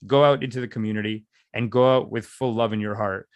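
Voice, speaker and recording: A man's voice: fairly low pitch, steady tone, brisk, dry recording, muffled recording. A man leading a live meditation session, talking in a rambling, casual way and reading viewer comments aloud. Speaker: meditation teacher. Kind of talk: casual livestream meditation talk.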